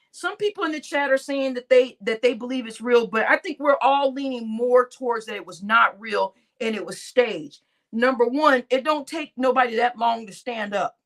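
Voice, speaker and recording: A woman's voice: high-pitched, fairly bright tone. A woman hosting a live stream, laughing often and talking to her chat in crude slang. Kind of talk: casual live-stream commentary.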